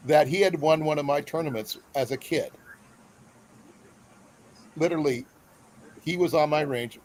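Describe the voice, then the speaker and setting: A man's voice: mid-range voice, a little mellow, a little hiss or hum, poor audio. A man from Iowa hosting a casual live stream, talking in a rambling, friendly way with lots of fillers. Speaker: host.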